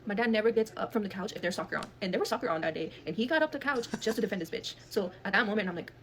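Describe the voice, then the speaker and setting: A woman's voice: medium pitch, expressive, rapid-fire, a bit bright. A woman, telling a dramatic personal story in a blunt, heavily cursing manner. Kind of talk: casual storytime monologue.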